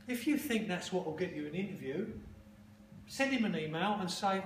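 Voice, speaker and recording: A blunt, profane man holds forth to a room of advertising students in a loose talk and Q&A. His voice sits fairly high for a man. It was captured on a phone far off in a roomy space, with steady noise underneath. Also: fast talker. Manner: blunt, profane, emphatic storytelling. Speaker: guest speaker to advertising students. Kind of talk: informal talk and Q&A. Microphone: phone recording from the audience. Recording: distant, echoey, noisy phone recording.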